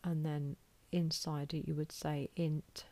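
A woman's voice: deep voice, level tone, takes it slowly, dark tone. A woman with a British accent giving a recorded lecture, informal and self-deprecating, thinking aloud as she draws on a board. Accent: British English. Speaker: college lecturer.

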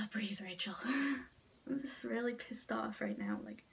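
Une femme qui se confie à sa caméra chez elle, bouleversée et au bord des larmes, qui jure et parle souvent à voix presque chuchotée. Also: female voice, mid-range voice, big pitch swings, takes it slowly, vocal fry, distant mic, a little hiss or hum. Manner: upset, rambling and swearing, often dropping to a near whisper. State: close to tears. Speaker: vlogger. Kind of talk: casual vlog talk to camera. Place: at home in front of a mirror.

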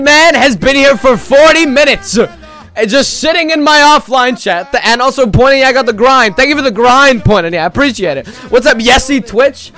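Very high-voiced sarcastic male streamer. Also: bright, forceful tone. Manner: mock-shocked sarcastic exaggeration; greets chat viewers by name. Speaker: livestreamer. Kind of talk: casual live-stream chat.

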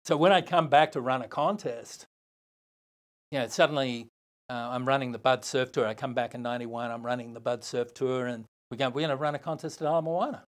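An older man with an Australian accent, a podcast guest telling a long story in a lively, casual way, acting out other people's lines. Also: mid-range voice, brisk. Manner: animated, swearing, acts out other voices.

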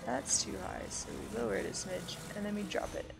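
A woman's voice: medium pitch, big pitch swings, a little fast, creaky. A woman streaming a game, swearing often and ranting about the game. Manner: swears a lot, frustrated ranting. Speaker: let's play gamer. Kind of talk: casual game commentary. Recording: loud game music underneath.

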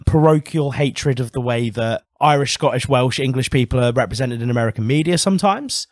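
A man co-hosting a casual podcast, ranting with a sharp, literary edge and plenty of swearing. His voice sits at an ordinary middle pitch, and the close mic gives a dry sound with no room around it. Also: fairly quick, no room sound. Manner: heated ranting with frequent swearing; articulate, literary turns of phrase. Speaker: podcast co-host.

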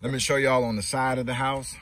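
A man's voice: mid-range voice, level tone, fairly quick, a bit bright. A man giving a casual, chatty walking tour of his garden plants outdoors, talking straight to his viewers. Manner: chatty, talks to viewers and scolds his ducks. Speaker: homestead vlogger. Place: outdoors in a yard.

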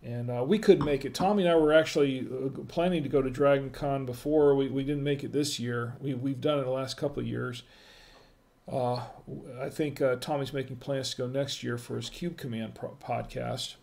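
A man's voice: mid-range voice, fairly even intonation, normal speed, creaky, a little mellow. A middle-aged man hosting a casual live-stream wine tasting, chatting with viewers in the chat and greeting them by name.

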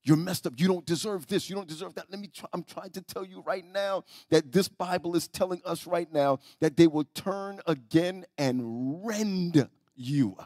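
A man pastor preaching a sermon in a church, telling stories, often repeating and restarting words, and swinging between soft and loud. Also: a little high, no room sound, studio quality. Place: church sanctuary.

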